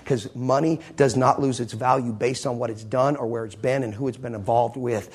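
A man's voice: mid-range voice, fairly even intonation, normal speed, husky. A pastor preaching a fervent sermon to his congregation in church, asking many rhetorical questions.

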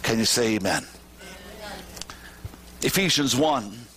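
A man preaching a sermon to his congregation, climbing to shouted peaks and dropping to low, drawn-out phrases. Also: expressive, a little hiss or hum. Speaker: pastor. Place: church sanctuary with congregation.

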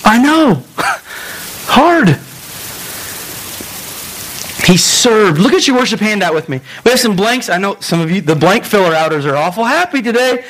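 A man pastor preaching a sermon in a lively storytelling way, acting out voices and making quick asides. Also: high-pitched, low-quality recording.

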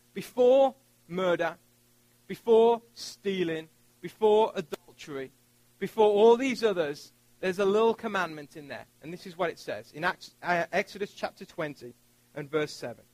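High-voiced man preaching a sermon. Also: animated, unhurried, pauses often, no echo, low-quality recording. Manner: storytelling, joking with the congregation. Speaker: pastor.

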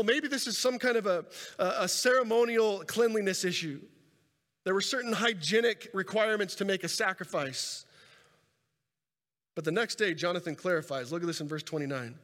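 A man preaching a sermon and telling a scripture story with animated delivery, swinging between loud and soft and repeating words as he goes. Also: high voice. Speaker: pastor. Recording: reverberant hall sound.

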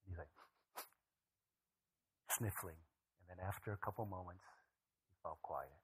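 A man in his thirties, a pastor preaching a sermon, telling stories and moving from animated asides to a soft, hushed voice. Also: low voice, moderate pace, slightly rough, rough recording. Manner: storytelling, animated then dropping to a soft hushed voice.

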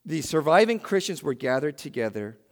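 A man preaching a sermon in a church, swinging between loud emphatic bursts and hushed, quiet lines. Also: a little high, very animated, a little fast, long reverb tail. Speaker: pastor.

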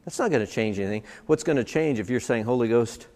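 A man's voice: mid-range voice, expressive, fast talker, a little mellow. Man preaching a sermon, emphatic, keeps stacking repeated lines, big hall echo. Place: church service. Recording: long hall reverb.

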